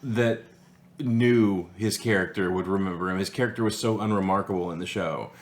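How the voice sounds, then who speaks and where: A man's voice: deep voice, normal speed, echoey room. A man co-hosting a casual chat show, joking and acting out quotes in silly voices. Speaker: podcast co-host.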